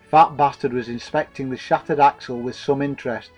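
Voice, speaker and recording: A man's voice: mid-range voice, steady tone, brisk, few pauses, faint music behind, poor audio. Man narrating a comic story dryly. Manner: dry, wordy mock-formal telling.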